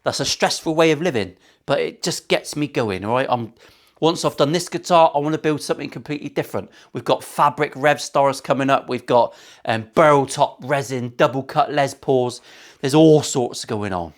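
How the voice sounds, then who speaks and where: A man's voice: medium pitch, moderate pace. A man building a guitar in his workshop, talking casually to camera with cheeky banter, plenty of swearing and jokey asides. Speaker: luthier.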